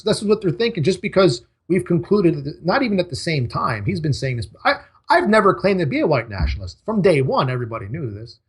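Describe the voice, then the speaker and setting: A man's voice: sits high, big pitch swings, quick pace, hardly any pauses, breathy edge. A man talking as an interview guest, emphatic, in short punchy sentences. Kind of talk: casual interview talk.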